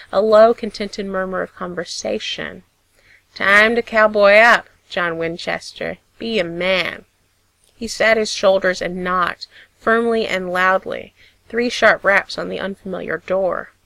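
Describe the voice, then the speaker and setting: A woman narrating a piece of fiction in a steady, measured storytelling voice. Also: mid-range voice, creaky, no echo, rough recording. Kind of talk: audiobook reading of fiction.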